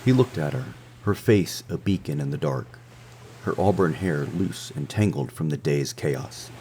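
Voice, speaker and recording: A man narrating a scripted romance adventure story in a measured, dramatic way. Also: extremely low pitch, lively intonation, warm tone, slight background noise. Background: faint music.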